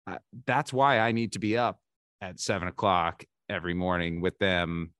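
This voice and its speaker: A man's voice: low-pitched, steady tone, moderate pace, fairly bright tone, clean tone, no room sound, clean studio sound. A man in his forties, a podcast guest, telling candid, self-deprecating stories and often restarting his sentences. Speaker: podcast guest, baseball insider. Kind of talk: casual interview storytelling.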